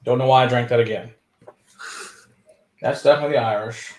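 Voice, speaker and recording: A man's voice: medium pitch, brisk, slight background noise. Rambling man hosting a tasting stream. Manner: rambling, reads viewer chat aloud. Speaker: host. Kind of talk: casual whiskey tasting chat on a live stream.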